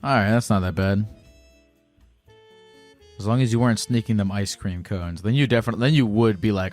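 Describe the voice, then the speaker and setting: A man's voice: fairly low pitch, fairly quick, pauses often, a little mellow, soft background music. A man hosting a call-in show, bantering with callers in a joking, crude way. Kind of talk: casual call-in chat.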